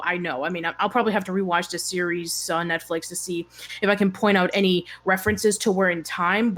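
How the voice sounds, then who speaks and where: Woman, co-host, casual chat, hesitant, stumbling restarts, medium pitch. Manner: hesitant, many fillers and restarts. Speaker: show co-host.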